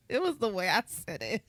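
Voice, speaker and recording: A woman co-hosting a podcast, talking in an animated, rambling way and laughing often. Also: medium pitch. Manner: animated, laughs often, talks in run-on asides. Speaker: podcast co-host. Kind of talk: casual chat.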